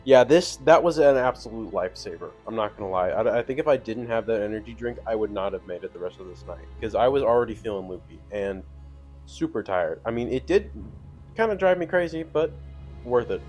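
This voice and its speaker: A man's voice: lowish voice, expressive, brisk, a little mellow, soft background music. A tired young man narrating a casual, self-mocking voice-over for his vlog. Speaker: vlogger.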